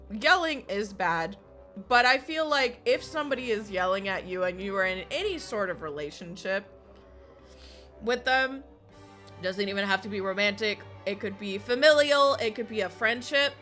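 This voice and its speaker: Woman streamer venting, cursing a ton, laughing a lot, bright voice, faint music in the back. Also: on the high side, lively intonation, measured pace. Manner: swears constantly, laughs often, ranting. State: recovering from illness. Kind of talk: casual chat while gaming.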